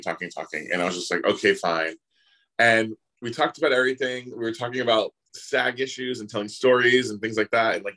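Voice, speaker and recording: An actor guest tells anecdotes in casual chat, animatedly voicing the people he quotes. His voice sits on the low side, and the audio quality is poor.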